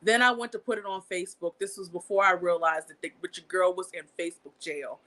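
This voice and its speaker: A young woman hosting her own channel, telling a story in a casual, animated way, swearing freely and jumping up in pitch when she gets outraged. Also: fast. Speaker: channel host. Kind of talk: casual live-stream storytelling.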